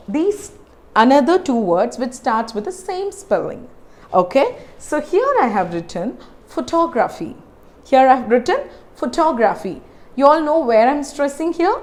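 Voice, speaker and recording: A woman with an Indian English accent teaching pronunciation, repeating words slowly and checking in with her viewers. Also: on the high side, a little mellow. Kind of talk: pronunciation lesson.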